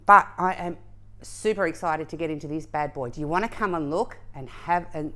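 An excitable, chatty woman hosting a casual home unboxing vlog, talking to her viewers at a camera set up a little away. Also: deep voice, brisk, a little hiss or hum, poor audio. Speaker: craft channel host.

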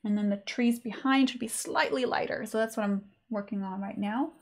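A woman's voice: on the high side, normal speed. A woman teaching a live online sketching lesson in a chatty, informal way with many fillers. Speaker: art teacher.

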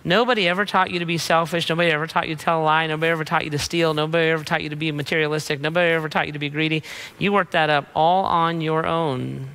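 A middle-aged man, a pastor, preaching an emphatic sermon with rapid-fire repeated refrains. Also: fairly high pitch, steady tone, bright, forceful tone, clean tone.

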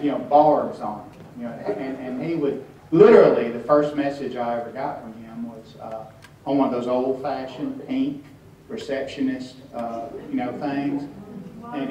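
A man tells wry, halting stories to an audience at a hotel event, full of restarts. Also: mid-range voice, mellow, slight background noise. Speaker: author speaking at a tribute event. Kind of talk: storytelling talk to an audience. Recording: echoey room from far off.

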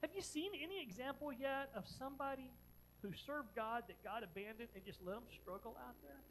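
A pastor preaching a sermon, retelling a story dramatically with repeated phrases, moving between loud emphasis and quiet earnest questions. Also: medium pitch, animated, fairly quick, slight background noise, rough recording.

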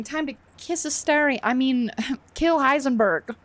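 A woman's voice: sits high, unhurried, dry recording. A woman live-streaming a game, chatting to viewers, swearing freely and laughing often.

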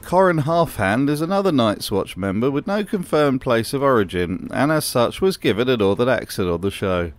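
A man's voice: medium pitch, very animated, moderate pace, few pauses. A man narrating a scripted commentary video with a dry, sardonic manner.

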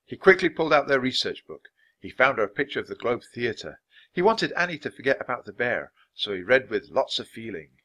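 Bright, expressive storybook reader man. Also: mid-range voice, brisk. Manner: expressive, clearly paced. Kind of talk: read-aloud narration for language learners.

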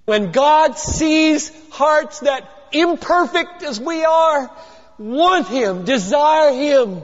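Older man, pastor, sermon, high animated voice, loud-to-hushed swings, long hall reverb, muffled sound. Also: very slow. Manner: animated preaching, swings from loud emphasis to hushed near-whisper.

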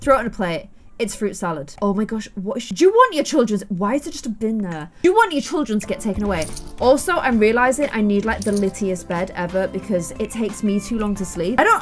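A woman's voice: mid-range voice, expressive, brisk, soft background music. A young Irish woman giving casual let's-play commentary, chatty and exasperated as she scolds the characters on screen. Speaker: gaming YouTuber.

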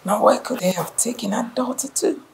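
A woman's voice: fairly high pitch, a little fast, gravelly, a little hiss or hum, rough recording. An actress with a Nigerian accent playing a crying mother whose daughter has been taken, swinging between whispers and outbursts. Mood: grief-stricken.

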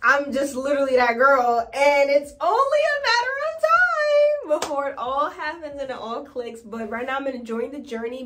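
A young New York woman vlogs casually, telling stories in a chatty, animated way and acting out quotes with high squeals.

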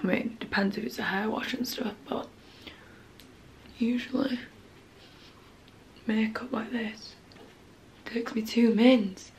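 Chatty, creaky young woman. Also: medium pitch, fairly even intonation, normal speed, hardly any pauses, darkish tone, a little hiss or hum. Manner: chatty, candid, grumbling, often drops to a murmur. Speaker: vlogger. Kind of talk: casual vlog chat. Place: at home, bedroom.

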